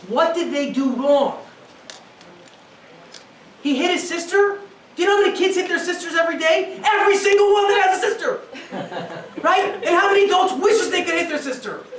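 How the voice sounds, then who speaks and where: A rabbi in his thirties, appearing as a guest speaker, gives a lively parenting lecture in a high voice, laughing often and acting out different voices. He's a bit distant from the mic, so the roomy recording echoes, with faint noise in the background.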